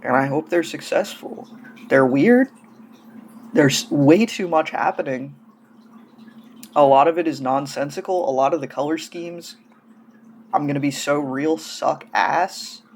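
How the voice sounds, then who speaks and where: A man's voice: a little high, measured pace, long pauses, a little hiss or hum. A man casually gushing and rambling through hobby news in a vlog, coming down with a cold and sounding feverish. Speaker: doll-hobby vlogger.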